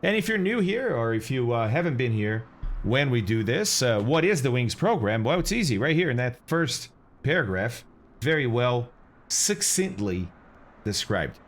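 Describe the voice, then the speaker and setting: A man's voice: medium pitch, sing-song, normal speed. A man streaming a flight simulator in casual live chat, greeting viewers and explaining as he goes.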